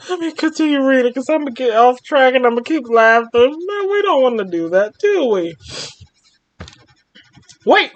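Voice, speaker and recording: A young adult woman hosting a story time, reading a fan story aloud and breaking off with expressive commentary. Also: high voice, highs cut off.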